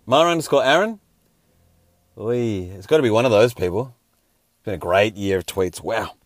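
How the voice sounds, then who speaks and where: A man's voice: lowish voice, lively intonation, normal speed, no echo, studio quality. A man hosting a casual sports round-up, a little scratchy and hungover, with wry joking asides. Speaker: host.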